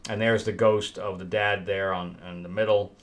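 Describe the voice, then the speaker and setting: A man's voice: lowish voice, flat delivery, moderate pace. A man hosting a casual comic book review, rambling and exasperated, with laughing asides. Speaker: host.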